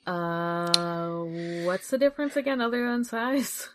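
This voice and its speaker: A woman's voice: fairly high pitch, lively intonation, measured pace, background noise. A woman co-hosting a podcast in casual chat, rambling with lots of "like" and casual swearing. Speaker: podcast co-host.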